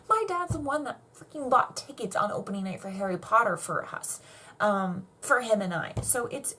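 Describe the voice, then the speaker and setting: A young adult woman vlogging in a casual rant, animated and rambling, full of swearing and nervous energy. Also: fairly low pitch.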